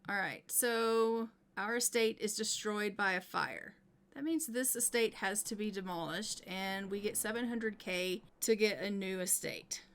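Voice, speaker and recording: A woman's voice: mid-range voice, a little slow, fairly bright tone, a little hiss or hum. A woman giving casual commentary on her own gameplay, chatty and thinking aloud as she plays. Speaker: gaming YouTuber.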